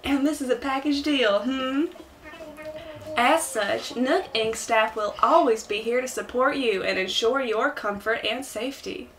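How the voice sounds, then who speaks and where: A woman voicing a smooth-talking male raccoon businessman with a put-on Southern accent, drawling like a salesman. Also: fairly high pitch, a bit bright, slight background noise. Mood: salesy. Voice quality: slow, salesman-like drawl with "yes, yes".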